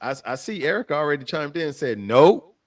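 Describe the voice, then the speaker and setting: A man hosts a casual late-night stream with a lively, swooping voice. He laughs often and calls out to viewers by name. The sound is dry and close to the mic. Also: fairly high pitch, fast, no room sound. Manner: animated, laughing, reads viewer comments aloud. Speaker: host. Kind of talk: casual live-stream chat.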